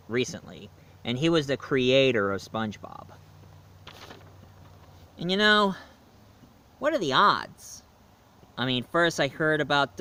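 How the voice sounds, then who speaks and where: A man's voice: mid-range voice, pushed and bright, smooth. A man reviewing cartoons in a casual, rambling vlog talk with frequent self-corrections. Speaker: voice impressionist and reviewer.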